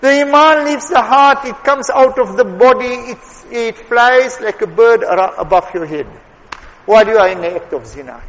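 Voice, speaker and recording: A man preaching a sermon with emphatic exhortation, dropping to quiet asides and rising to forceful appeals. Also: extremely high pitch, expressive, moderate pace. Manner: emphatic, swings between soft asides and raised exhortation. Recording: long hall reverb.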